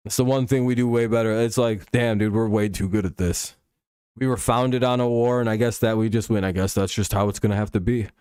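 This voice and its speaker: A man's voice: fairly low pitch, steady tone, normal speed, darkish tone, clean tone, dry recording, clean studio sound. A man hosting a casual live stream, rambling and swearing freely, with chuckles and frequent restarts. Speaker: stream host.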